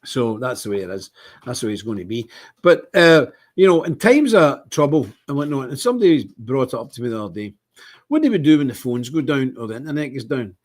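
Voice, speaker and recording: Scottish male streamer, husky voice, rambling and worked up, casual monologue. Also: very animated, fairly quick. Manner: rambling, indignant, lots of restarts and big pitch swings. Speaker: livestream host.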